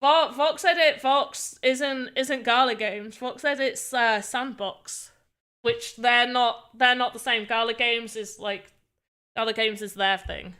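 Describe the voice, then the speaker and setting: A woman's voice: fairly high pitch, fairly even intonation, takes it slowly, sharp tone. A tired British woman chatting casually on a live stream, rambling and self-deprecating, often restarting her words. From Britain. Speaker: livestreamer.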